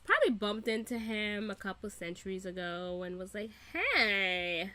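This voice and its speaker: A young woman hosting a casual reaction video, animated and profane, laughing often as she rants. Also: mid-range voice, fairly quick.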